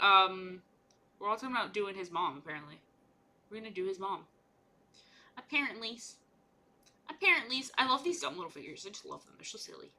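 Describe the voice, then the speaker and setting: Bright, playful young woman streamer. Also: on the high side. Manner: rambling, playful, jokey. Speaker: streamer painting miniatures. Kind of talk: casual livestream chat.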